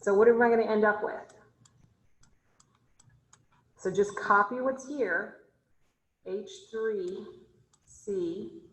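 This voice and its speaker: A woman's voice: medium pitch, slow pace, long pauses, roomy sound, rough recording. Woman teacher quizzing her class online. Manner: asks students questions, thinks aloud while drawing. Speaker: chemistry instructor. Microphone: video call.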